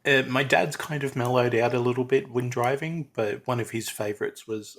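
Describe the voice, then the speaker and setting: A man chatting casually as podcast co-host, relaxed and wry. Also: medium pitch, normal speed, hardly any pauses. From Australia. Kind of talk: casual chat.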